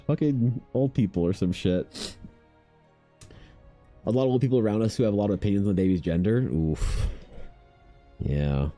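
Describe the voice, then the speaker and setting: A man's voice: normal speed, long pauses, dark tone, faint music behind. Laid-back swearing guy in his thirties. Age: 30s. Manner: laid-back, swears a lot, mimics people in a higher voice. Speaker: art streamer. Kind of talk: casual chat with chat.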